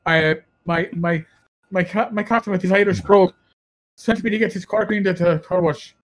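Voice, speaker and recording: A man tells stories in a casual podcast chat. He is animated and slips into put-on voices for the people in his tales. His voice sits fairly high for a man. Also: moderate pace. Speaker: podcast co-host, former police officer.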